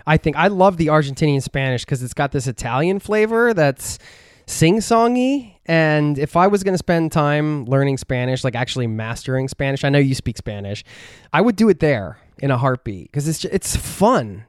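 A man's voice: medium pitch, animated, a little fast, no echo, studio quality. Easygoing male podcast host. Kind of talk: casual interview chat.

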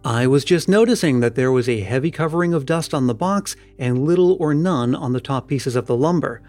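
A man's voice: medium pitch, fairly quick, a little mellow, faint music behind, natural voice. A man reading the lines of a distressed mine owner in a storybook, subdued and weak in manner. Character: distressed middle-aged male mine owner.

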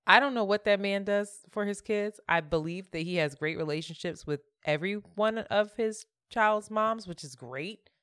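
A woman's voice: mid-range voice, normal speed, few pauses, fairly bright tone, smooth, dry recording, clean studio sound. A woman co-hosting a podcast, candid and reflective in casual chat, laughing easily. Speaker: podcast co-host.

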